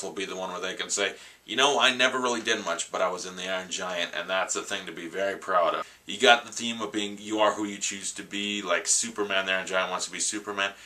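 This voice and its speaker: Male vlogger doing a rambling, enthusiastic movie review; lowish, very bright tone. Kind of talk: casual vlog review.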